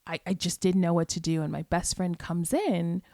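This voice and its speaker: A woman hosting a podcast, telling a personal story in a candid, reflective way, sometimes dropping to a soft whisper and speaking casually with the odd curse. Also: fairly low pitch, fairly even intonation, moderate pace, no echo, studio quality. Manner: casual, occasionally profane. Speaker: podcast host.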